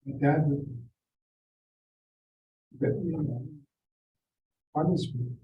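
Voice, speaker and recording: An older Seneca man telling personal stories at a community forum in a measured, reflective way. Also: on the high side, phone-quality sound, a little hiss or hum. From Seneca Nation. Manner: measured, reflective, quotes people in acted voices. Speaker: forum speaker. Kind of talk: personal storytelling. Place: school district forum room. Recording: roomy, distant mic with faint ambience.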